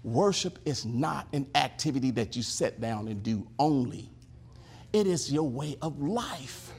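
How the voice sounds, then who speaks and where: A male preacher giving an animated sermon, leading the congregation to repeat after him and shouting at the high points. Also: a little slow, gravelly, slightly rough. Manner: animated, call-and-response preaching, shouting at peaks.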